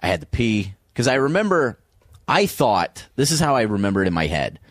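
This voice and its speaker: A man's voice: fairly low pitch, fairly quick, no room sound. A man, a comedian guest, telling a wild story in an interview and acting out the other people in it. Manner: animated, acts out voices in stories.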